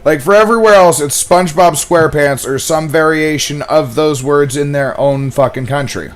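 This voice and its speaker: An American man in casual chat, animated and swearing, acting out quoted voices in his stories. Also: fairly high pitch, normal speed. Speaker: gaming companion.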